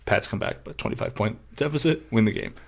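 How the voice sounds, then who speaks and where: A man's voice: medium pitch, fast talker, vocal fry. A young man in a middle register chats casually about sports on a podcast. He tells long stories and acts out the voices of his friends with bursts of energy and plenty of profanity. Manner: animated storyteller who acts out quoted friends loudly and profanely. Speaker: podcast co-host.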